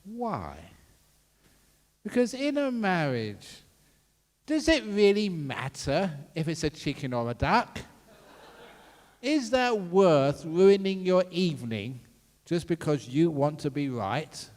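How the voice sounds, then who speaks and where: A man's voice: fairly high pitch, big pitch swings, takes it slowly, pauses often, darkish tone, big-room sound. A man, a Buddhist monk, gives a dharma talk as a jovial storyteller who often laughs.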